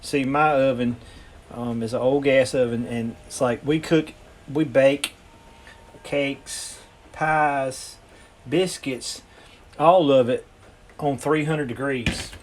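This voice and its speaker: A man's voice: mid-range voice, fairly even intonation, slow, a little hiss or hum. A man, talking casually and folksily while demonstrating cooking in his home kitchen. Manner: folksy, rambling, frequent ums. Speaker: home cooking channel host.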